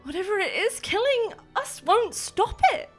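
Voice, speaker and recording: A woman voicing a desperate feathered goddess of music, pleading in a high, strained voice. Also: sing-song, a little slow, full character voice.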